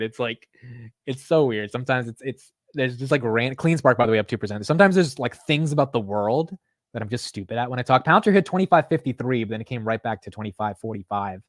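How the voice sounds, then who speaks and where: Young man, casual livestream host, swears a lot, mid pitch, dry close recording. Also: no room sound. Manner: chatty, swears, laughs at himself, reads chat aloud. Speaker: stock market livestream host.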